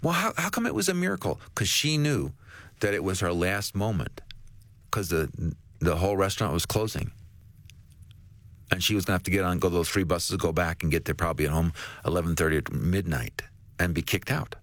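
A man, a guest author on a faith talk show, telling a story in an animated way. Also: sits low, brisk, no room sound.

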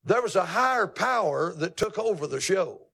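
A man's voice: sits high, lively intonation, moderate pace, pushed and bright, husky. A man preaching a sermon in a folksy, dramatic and teasing way.

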